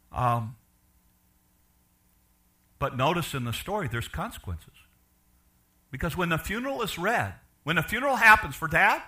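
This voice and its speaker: An older man preaching a sermon, asking the congregation questions and swinging from loud to quiet. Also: a little high. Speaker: pastor.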